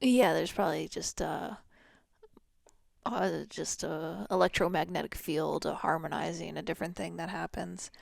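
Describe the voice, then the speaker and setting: A woman's voice: sits low, normal speed, gravelly, no echo, clean studio sound. A woman in her thirties co-hosting a podcast, chatty and reflective with lots of "like". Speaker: podcast co-host. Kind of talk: casual podcast chat.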